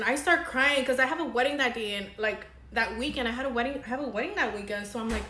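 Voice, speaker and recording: A woman's voice: fairly high pitch, fast, hardly any pauses, bright, forceful tone, reverberant. A young woman, a makeup artist, telling a dramatic story in casual, chatty vlog style. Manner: chatty, dramatic, says girl a lot.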